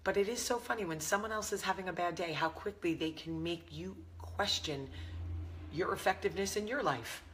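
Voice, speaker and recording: A woman's voice: lowish voice, a little fast, fairly bright tone, slight background noise. A woman in her thirties with a New York-area accent, talking candidly to camera as a vlog host. She is blunt and self-mocking and swears freely. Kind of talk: casual chat to camera.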